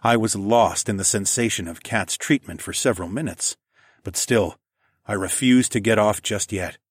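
A man narrating an erotic audiobook in the first person, in a soft, hushed, low-key delivery. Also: normal speed, husky, no echo, studio quality.

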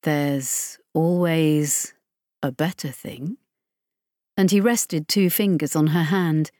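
A woman reading a science fiction audiobook in measured scripted narration on a close microphone. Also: on the low side, no echo. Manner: measured, even storytelling.

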